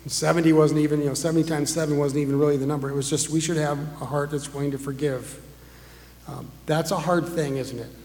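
Male pastor, slightly higher voice, casual sermon delivery with rhetorical questions, big echoing church. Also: fairly even intonation, fast talker, a little mellow. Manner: conversational, asks the congregation rhetorical questions. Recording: echoey hall with long reverb.

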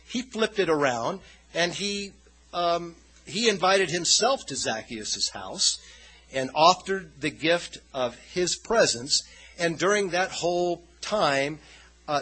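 Male preacher, husky tone with a bright, forceful edge; chatty, rambling sermon delivery. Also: fairly high pitch, low-quality recording. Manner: conversational, loose and rambling. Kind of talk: informal sermon.

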